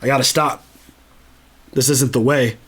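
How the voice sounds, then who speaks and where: A man's voice: mid-range voice, steady tone, unhurried, a bit bright, husky, voice pushed down. A man voicing a conflicted young male hero, torn and exasperated, swearing as he talks.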